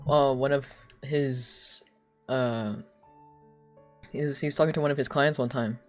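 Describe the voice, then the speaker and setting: A woman's voice: rumbling low, steady tone, a little slow, a little mellow, faint music behind. A young woman streaming live, chatting casually in a rambling, giggly way with lots of filler words. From United States.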